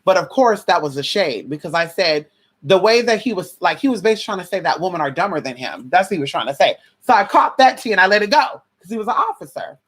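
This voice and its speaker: Sassy, animated woman telling a story. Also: fast talker, husky. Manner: sassy, animated, slangy, swings pitch widely acting out quotes. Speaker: vlogger giving advice. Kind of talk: casual storytelling to a viewer.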